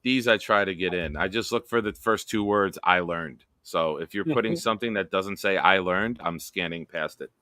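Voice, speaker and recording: A man with a low, bright and very clear voice hosts a live stream and reads out viewer comments, often breaking into laughter. The sound is dry and close, with no room echo. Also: normal speed, hardly any pauses. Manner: laughs often while reading comments aloud. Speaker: live show host.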